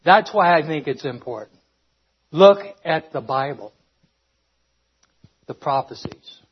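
A man's voice: on the high side, animated, slow, slightly rough. A man preaching a sermon, earnest, stopping and restarting as he reads scripture, a little out of breath. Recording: dull lo-fi recording.

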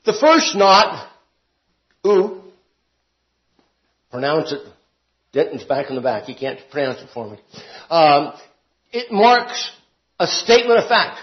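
Slow, animated man teaching Bible class. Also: fairly high pitch. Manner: expressive, rising to emphatic peaks and dropping to quiet asides. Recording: dull lo-fi classroom recording.

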